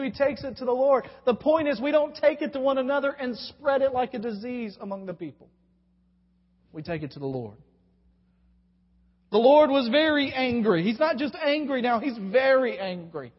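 A man preaching a sermon, asking rhetorical questions, answering them himself and stretching words out with emphatic pauses. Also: very high voice. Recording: dull sound with long hall reverb.

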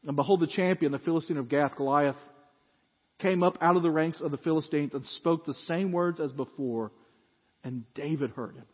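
A man preaching a sermon, telling a story with animated acted-out voices and frequent laughs. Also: fairly high pitch, normal speed, breathy edge. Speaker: pastor. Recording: dull lo-fi audio with long hall reverb.

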